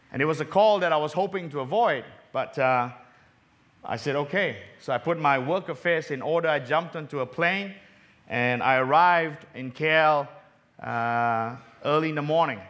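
A middle-aged man from Malaysia giving a sermon, telling a personal story and dropping soft and low on tender moments. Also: normal speed. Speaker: preacher.

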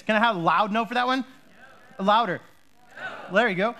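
High-voiced man preaching a lively sermon. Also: fairly quick. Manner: conversational, joking with the congregation, rising to shouts on key points. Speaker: pastor.

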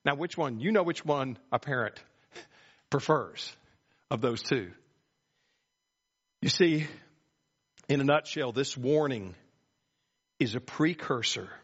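A pastor preaching a sermon, telling folksy stories with sweeping pitch. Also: male voice, fairly bright tone, slightly rough. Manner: folksy storytelling with dramatic pitch swings. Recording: muffled lo-fi recording.

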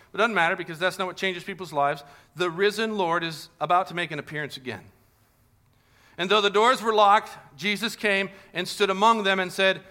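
A male pastor with a bright, forceful voice, preaching a Sunday sermon. He tells the story in an animated way, often acting out the people in it. His voice sits a little higher than most men's.

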